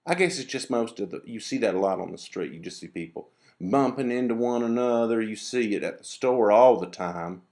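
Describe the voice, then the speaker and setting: Gravelly low-voiced man rambling on. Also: a little fast, darkish tone. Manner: meandering, digressive storytelling with many restarts and fillers; grumbling about rudeness. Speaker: vlogger. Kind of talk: casual rambling monologue to camera.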